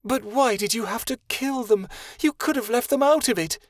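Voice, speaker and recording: A man voicing a young female dragon who is gentle, tearful and defiant, in an emotional, pleading manner. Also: very high voice, normal speed, no echo, clean studio sound, pitched above the performer's own voice.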